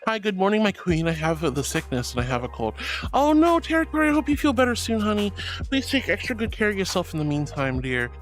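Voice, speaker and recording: Woman streamer goofing around with chat, voice bouncing all over, some soft music playing under her. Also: on the low side, fast. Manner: playful, animated, reads chat aloud with mock indignation. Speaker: VTuber streamer. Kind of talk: casual live stream chat.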